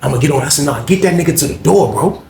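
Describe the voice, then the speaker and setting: A man casually telling a story, animated and acting out the people he quotes in a higher voice. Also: fast talker, vocal fry. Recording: echoey room with faint noise.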